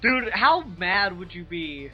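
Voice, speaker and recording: A man's voice: high voice, animated, takes it slowly, muffled recording, over music. A man playing a video game while chatting casually, telling crude stories and teasing his co-host. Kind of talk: casual gaming chat.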